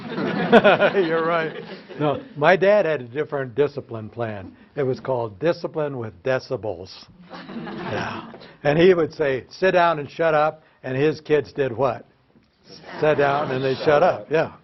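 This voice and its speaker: A man's voice: medium pitch, animated, unhurried, lo-fi sound, noisy background. An older American man, a former teacher, telling self-mocking stories to an audience and asking them questions. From United States. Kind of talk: humorous storytelling talk to an audience.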